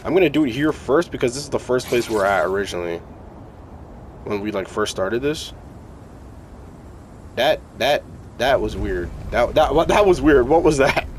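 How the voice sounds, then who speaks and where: A young man giving casual, excitable, slangy commentary while playing a video game. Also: mid-range voice, moderate pace, pauses often, slight background noise. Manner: excitable, yelling, slangy, hype. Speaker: gaming streamer.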